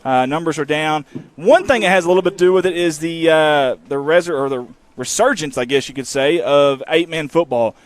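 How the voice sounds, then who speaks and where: A man hosting a live high school football pregame show from the press box, folksy and rambling with teasing asides. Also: a little fast, hardly any pauses, no echo. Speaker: sports broadcast host.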